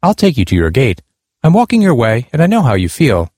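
An overeager young man, confiding and insistent, his voice lifted and lively, as a male reader puts him on. The sound is close and dry. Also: medium pitch, a little fast, dry recording. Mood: eager, confiding.

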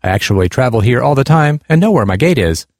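A man's voice: medium pitch, lively intonation, fast talker, dry recording, clean studio sound, lightly acted. A man reading a patient blind woman traveler. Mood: polite.

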